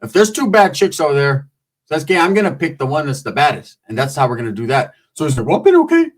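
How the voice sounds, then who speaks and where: A man telling a comic story in a casual, profane, slangy way, breaking into squeaky voices when he quotes people. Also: fast talker.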